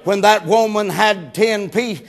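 A preacher with a strikingly high voice and a drawl. He tells a homespun story in a loose, folksy way and climbs into shouted preaching. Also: a little slow. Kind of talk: sermon.

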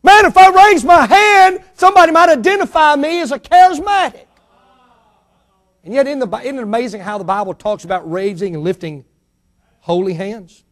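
A man with a noticeably high voice delivers a church sermon. He is middle-aged and emphatic, pressing rhetorical questions and letting his voice climb and drop for effect. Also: normal speed. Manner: emphatic preacher, rising and falling dynamically, rhetorical questions. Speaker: pastor.

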